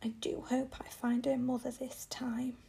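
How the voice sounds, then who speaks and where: A kind little fairy man with an ugly face, whispered by a woman reading a storybook. Whispered role-play, the tone mellow with a gravelly edge and pitched a little high. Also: monotone, a little slow. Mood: gentle.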